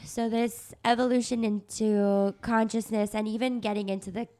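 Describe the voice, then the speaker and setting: A woman's voice: fairly high pitch, flat delivery, moderate pace, dark tone. A woman hosting a casual interview, frank and encouraging, asking follow-up questions. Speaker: podcast host.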